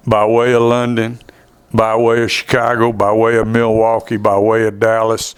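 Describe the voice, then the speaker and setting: A man hosts a relaxed podcast conversation. He talks in a folksy way, laughs easily and wanders into side remarks, at a pitch that is ordinary for a man. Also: smooth. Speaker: podcast host.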